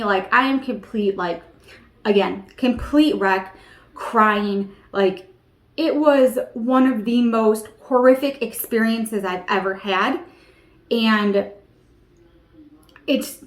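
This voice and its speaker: Earnest woman in her thirties, echoey room. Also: a little high. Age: 30s. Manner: emotional, earnest, many fillers like "you know" and "like". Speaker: vlogger. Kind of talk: personal storytelling to camera.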